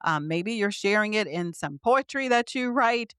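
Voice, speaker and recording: A woman's voice: mid-range voice, expressive, moderate pace, fairly bright tone, clear, resonant tone, dry recording, clean studio sound. A middle-aged woman, a physician guest, explaining ideas earnestly in conversation with light laughs. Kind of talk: conversational interview.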